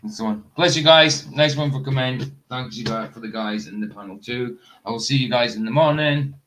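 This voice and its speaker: A man hosts a stream in easy, casual chat, his pitch sitting in the middle. He jokes, laughs often and lets sentences trail off as he gets distracted. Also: fairly quick, a bit bright, a little hiss or hum. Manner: joking, laughs often, wanders off mid-sentence. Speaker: livestream host.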